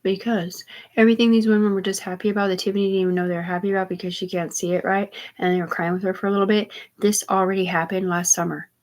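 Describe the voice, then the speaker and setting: A woman's voice: medium pitch, little pitch movement. A woman livestreaming a rambling, profane monologue, jumping between thoughts in an agitated way. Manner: rambling, profane, rapid digressions; agitated, repeatedly says "dude". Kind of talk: rambling live-stream monologue.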